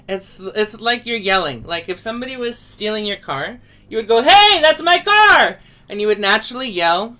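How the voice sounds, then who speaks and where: A woman teaching a folk carol over a video call, talking through each step and breaking into loud open-throated singing. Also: on the low side. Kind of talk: online singing lesson.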